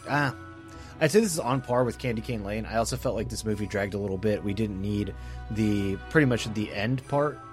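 A man's voice: on the low side, fairly quick, soft background music. A man co-hosting a podcast in casual chat, laughing often and slipping into silly quoted voices. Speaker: podcast co-host. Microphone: remote podcast mic.

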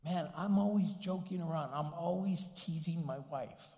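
A man's voice: on the high side, normal speed, dark tone. Older male pastor in an echoey hall. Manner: conversational, joking preaching. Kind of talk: sermon. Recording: echoey hall with long reverb.

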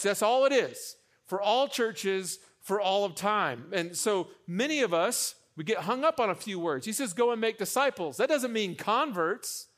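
A young adult man preaching a sermon as pastor, animated, with joking asides, repeating phrases for emphasis. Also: high-pitched.

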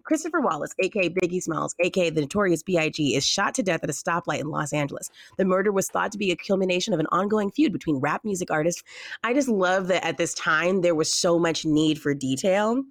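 A woman in her thirties hosting a casual podcast, chatty and quick to laugh. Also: on the low side, no echo, clean studio sound. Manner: chatty, laughs often, slips into mock voices. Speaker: podcast host.

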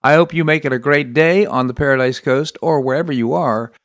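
A man's voice: medium pitch, no echo. Dry-voiced talk show host man. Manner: enthusiastic, halting with restarts. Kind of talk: casual political talk. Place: Florida.

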